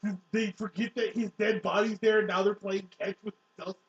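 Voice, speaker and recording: A man's voice: high-pitched, level tone, moderate pace. A young man giving sarcastic, incredulous commentary, swearing often. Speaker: co-host. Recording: dull, echoey room from a distant mic.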